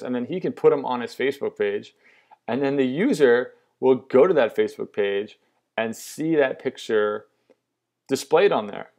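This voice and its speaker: A man's voice: medium pitch, a little mellow. A young man casually and enthusiastically walking through an app demo, upbeat and loose with fillers. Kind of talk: casual product demo walkthrough.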